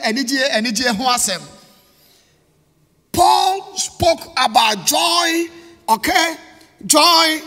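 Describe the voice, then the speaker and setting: Ghanaian preacher man, high bright voice, slow and drawn out, repeats words, church echo. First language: Twi. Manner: switches between English and Twi, repeats key words, calls out to congregation. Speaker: pastor. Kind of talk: sermon. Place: church hall. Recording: long reverb of a church hall.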